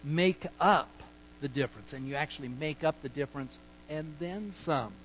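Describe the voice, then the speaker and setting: A male pastor preaching a sermon, emphatic, with sudden shifts between loud points and quiet asides. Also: moderate pace, muffled recording, a little hiss or hum. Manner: acts out sheepish excuses in a low mutter.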